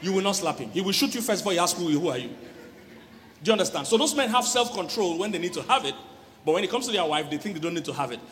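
Animated man preaching in an echoey hall. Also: sits high, fast, slight background noise. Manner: animated, laughing, acts out quoted voices. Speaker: relationship coach preaching. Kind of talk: church sermon on marriage.

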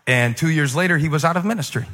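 Guy preaching in a big hall, voice a bit high, lots of echo, faint room hum. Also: fast talker. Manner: animated, mocking self-assured voices then rising to near shouts. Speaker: pastor. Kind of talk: sermon. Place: large hall with an audience.

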